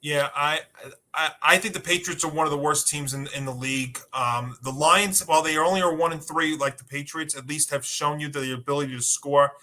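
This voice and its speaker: A man's voice: fairly high pitch, steady tone, brisk, sharp tone. A man guesting on a sports podcast, talking through his reasoning in long run-on stretches with fillers. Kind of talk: casual sports analysis.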